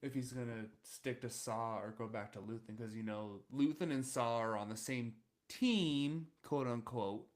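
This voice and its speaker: A young man co-hosting a podcast, recapping episode plots in a relaxed, casual way with frequent fillers. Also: mid-range voice, unhurried, few pauses. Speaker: podcast co-host. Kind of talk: casual chat.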